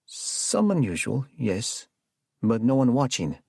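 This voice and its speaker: A man voicing a wary middle-aged male gardener with a heavy foreign accent, answering in short, halting, broken phrases. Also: mid-range voice, huge pitch swings, gravelly, darkish tone, breathy edge, no room sound, clean studio sound, voice pushed up, heavily acted. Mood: uneasy.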